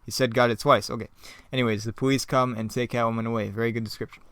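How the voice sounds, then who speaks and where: A man's voice: mid-range voice, flat delivery, quick pace, a bit bright, smooth, no room sound. A young man reading his own old script aloud and mocking it, laughing often with sarcastic asides.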